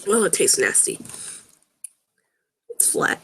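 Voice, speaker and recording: A woman's voice: takes it slowly, background noise. A woman reading fan fiction aloud with sarcastic, groaning asides. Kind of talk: mocking dramatic reading with commentary.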